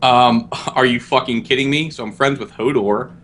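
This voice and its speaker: A man's voice: mid-range voice, moderate pace, a bit bright. A man guest co-hosting a casual gaming podcast, talking in a brash, joking way with plenty of swearing. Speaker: guest co-host.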